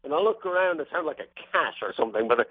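A man's voice: a little high, expressive, fast talker, slightly rough, no room sound. Man telling stories over a tinny phone line. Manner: chatty, anecdotal, wry. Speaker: racehorse trainer, guest. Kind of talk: storytelling interview answers. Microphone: telephone.

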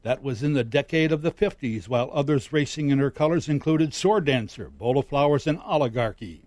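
A man's voice: medium pitch, fairly quick, a little mellow, dry recording. A man giving a formal, stately scripted narration about racing history, close on the mic.

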